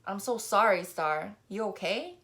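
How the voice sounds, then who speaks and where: Give me a brash teenage girl spilling gossip in slang, read by a woman, with a bright voice. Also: mid-range voice, measured pace. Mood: soft sympathy. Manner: loud, lively storytelling with slang.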